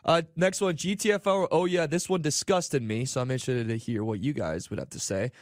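A man's voice: medium pitch, fairly quick, no room sound, clean studio sound. A man co-hosting a sports betting show, laid-back and offhand. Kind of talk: casual sports talk.

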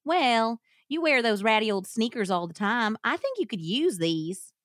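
A woman's voice: a little high, very animated, moderate pace, no room sound, studio quality, voice pushed up. A woman reading a clingy young small-town girl in a put-on Southern hillbilly drawl. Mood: eager. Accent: attempted Southern US hillbilly.

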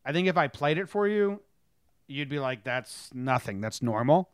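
A man's voice: fairly high pitch, expressive, normal speed, clear, resonant tone, no echo, clean studio sound. A man co-hosting a podcast, chatting casually about sports and TV, rambling and interrupting himself. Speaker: podcast co-host.

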